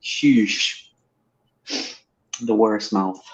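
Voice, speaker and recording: A woman's voice: extremely low pitch, extremely slow. A woman hosting a livestream chat, swearing freely and laughing as she tells family stories over a video call. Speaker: livestream host. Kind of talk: casual chat. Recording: dull lo-fi stream audio.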